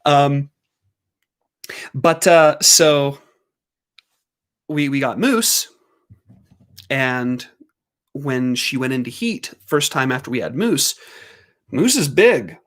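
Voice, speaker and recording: A man hosting a livestream, telling a casual story at home in an animated way, laughing and doing squeaky voices for his dogs. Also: slow, long pauses. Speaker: livestream host.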